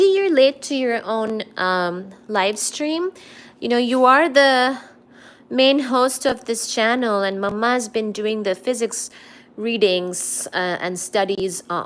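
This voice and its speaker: A woman's voice: fairly high pitch, a bit bright. A woman hosting a casual livestream from home, reading chat comments aloud and cooing baby talk at her cat.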